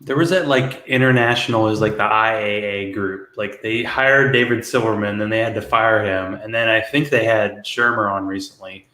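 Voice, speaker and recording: A man with a fairly low voice co-hosting a casual podcast. He rambles and hedges as he talks, dropping in soft laughs. His voice rings in a noticeably echoey room. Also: moderate pace, few pauses. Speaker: podcast co-host.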